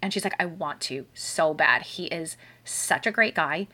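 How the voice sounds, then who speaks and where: A woman's voice: low voice, expressive, unhurried, pushed and bright. A woman hosting a casual chat, telling stories in a loose, chatty way with many fillers.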